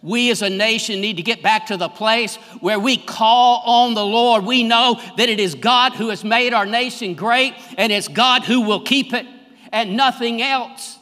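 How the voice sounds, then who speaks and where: High, bright-voiced preacher in a reverberant hall. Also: male voice, unhurried. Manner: fervent preaching, swelling louder on key phrases. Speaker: pastor. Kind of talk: sermon. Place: church sanctuary. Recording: long reverb of a large hall.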